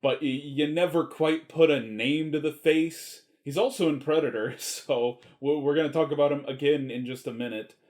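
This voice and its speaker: A man's voice: fairly high pitch, fairly even intonation, normal speed, hardly any pauses, a little mellow. Male movie reviewer, casual and rambling, enthusiastic, salty language. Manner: rambling and enthusiastic, swears freely.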